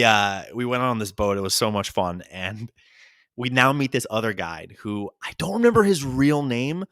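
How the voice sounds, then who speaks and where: A man with a New York accent tells rambling, self-deprecating stories from a trip. His pitch leaps around as he jumps in and out of quick impressions. The sound is close and dry, with no room around it. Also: a bit bright, no room sound. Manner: rambling, self-mocking anecdotes with quick voiced asides. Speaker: podcast host. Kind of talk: solo comedic storytelling.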